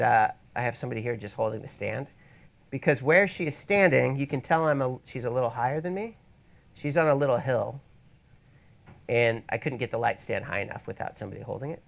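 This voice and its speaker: Male workshop presenter, gravelly mid-range voice, relaxed teaching tone with wry rambling asides. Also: medium pitch. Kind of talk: casual instructional talk. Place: event space, in front of an audience.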